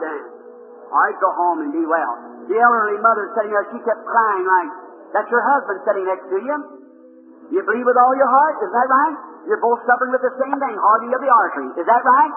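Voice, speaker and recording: A man with a very high voice preaches at a revival meeting and calls out people in the crowd one by one. He fires quick, short questions at them. The tape is thin and phone-like, with a long hall echo and faint hiss. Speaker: healing evangelist. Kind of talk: revival healing sermon. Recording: old tinny archival hall recording.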